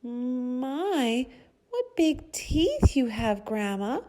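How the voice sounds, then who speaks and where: A woman voicing a sweet, trusting little girl in a storybook reading for children, in a high sing-song child voice. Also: sing-song, normal speed, warm tone. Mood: wide-eyed.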